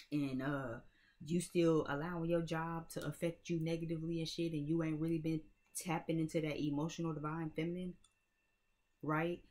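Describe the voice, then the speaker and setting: A woman with a deep, low speaking voice gives a tarot reading straight to camera. She talks casually and bluntly and swears now and then. She keeps checking in with her viewers as she goes. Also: darkish tone. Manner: conversational, keeps checking in with "right?" and "you know what I'm saying?"; blunt and streetwise, swears freely. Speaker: tarot reader.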